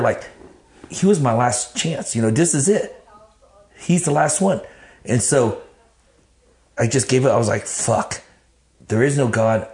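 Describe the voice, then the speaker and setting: A man telling his life story in an interview, blunt and animated, swearing freely. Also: medium pitch. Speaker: interview guest. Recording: roomy echo.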